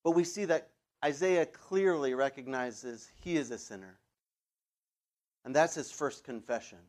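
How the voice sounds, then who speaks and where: A man preaching a sermon as the church's pastor, talking in a loose, conversational way with asides and fillers, and getting more animated when he stresses a point. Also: a little slow. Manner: animated, rises in pitch and volume for emphasis.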